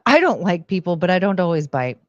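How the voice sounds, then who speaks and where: A woman's voice: lowish voice, sing-song, brisk, no echo, lo-fi sound. A woman streaming from home into a desk mic, chatting casually and rambling with lots of "like" and "um". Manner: rambling, heavy use of "like" and "um". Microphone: desk microphone.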